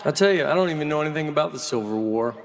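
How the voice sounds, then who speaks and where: A man's voice: fairly high pitch, expressive, racing, gravelly, a crowd in the background, noisy background. A man doing stand-up comedy, chatty and self-deprecating as he talks about his family.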